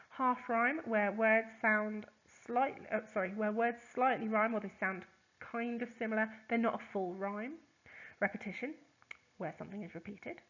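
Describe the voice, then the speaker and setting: A woman, a teacher, explains poetry terms in a chatty recorded lesson, with lots of ums and quick examples. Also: medium pitch, fairly bright tone, highs cut off. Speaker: English teacher.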